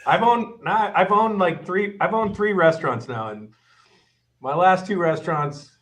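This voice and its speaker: A man's voice: high-pitched, a little slow, a little hiss or hum. Profane middle-aged man telling kitchen stories. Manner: profane, animated, acts out quoted chefs. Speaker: guest chef. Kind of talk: casual kitchen storytelling.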